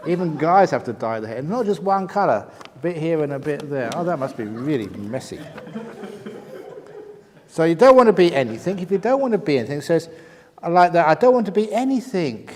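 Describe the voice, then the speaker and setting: Brisk and a little high, with lively intonation, an older man's voice fills a big room. He is a Buddhist monk at a meditation retreat hall, answering questions with jokes and laughing at his own punchlines.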